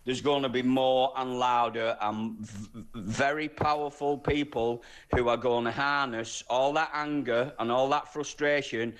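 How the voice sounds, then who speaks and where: A man's voice: mid-range voice, fairly even intonation, measured pace, hardly any pauses, a bit bright. A man from Lancashire leaving a voice note for a radio show, earnest and worried. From Lancashire, England. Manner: earnest, worried, building concern.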